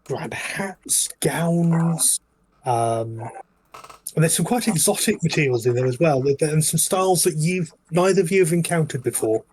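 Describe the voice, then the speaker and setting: Man, game master, narrating tabletop game, rambling, filler-heavy, slightly high pitch. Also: animated, measured pace, a little mellow, a little hiss or hum, low-quality recording. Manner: rambling description full of fillers and hedges.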